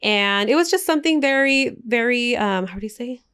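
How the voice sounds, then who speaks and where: A woman's voice: on the high side, expressive, a little fast, a bit bright, clear, resonant tone. Chatty, emotional woman podcast host. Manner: chatty, emotional storyteller mixing in Spanish phrases. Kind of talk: casual podcast chat.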